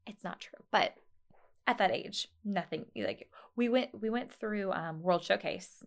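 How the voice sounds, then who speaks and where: A woman's voice: mid-range voice, a little slow, gravelly. A woman guest in a casual interview, telling a story with animation and laughing often. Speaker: guest, new mother.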